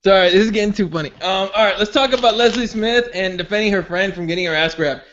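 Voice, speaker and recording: A man's voice: sits high, quick pace, fairly bright tone. A man co-hosting a fight podcast, loosely and chattily recapping a story in profane casual talk. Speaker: podcast co-host. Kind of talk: casual profane sports chat. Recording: muffled lo-fi audio.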